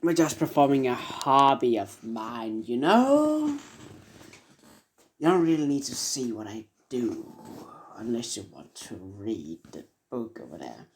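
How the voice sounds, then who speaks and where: A man's voice: mid-range voice, wildly swooping pitch, measured pace, a little hiss or hum. A man voicing a cold, offhand young male assassin in a fan story. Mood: nonchalant. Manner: offhand, nonchalant.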